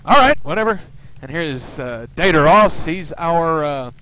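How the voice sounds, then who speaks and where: A man's voice: fairly high pitch, expressive, normal speed, bright, forceful tone, smooth, rough recording. A man hosting a let's play, giving casual gameplay commentary full of rambling, wry asides.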